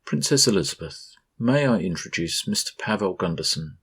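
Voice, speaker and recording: A man's voice: low-pitched, expressive, fairly bright tone, slightly rough, heavily acted. A man doing a stern formal father. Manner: formal, measured introductions. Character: stern, composed father and butler-like host.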